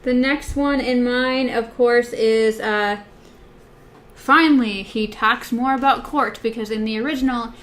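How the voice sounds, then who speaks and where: A woman's voice: a little high, a little slow, fairly bright tone. A woman co-hosting a book podcast in casual chat, hesitant with many fillers as she compares text versions. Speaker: podcast co-host.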